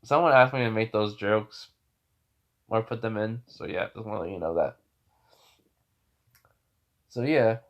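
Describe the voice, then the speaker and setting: A man's voice: lowish voice, unhurried, pauses often, lo-fi sound. A young man casually retelling a fan story, rambling with many fillers and restarts.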